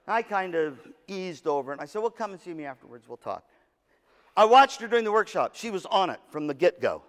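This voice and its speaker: Fairly high-pitched, fairly quick, and creaky, a male keynote speaker at a music educators' session gives music directors a motivational talk. He's an animated storyteller, acting out the voices in his story and joking with the audience, all under long hall reverb.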